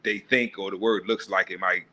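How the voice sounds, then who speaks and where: A man hosts a live stream with a casual, profane rant. His voice sits on the low side but comes across bright and forceful. He mocks, restarts his sentences and laughs at his own jokes. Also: steady tone, moderate pace. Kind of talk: casual commentary monologue.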